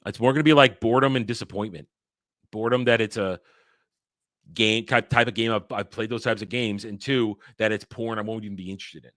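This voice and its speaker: A man hosts a daily entertainment news show, reading headlines and ranting casually with blunt, profane, irritated takes. His voice is fairly low, fairly bright and fairly quick with fairly even intonation, in a dry, studio-quality recording.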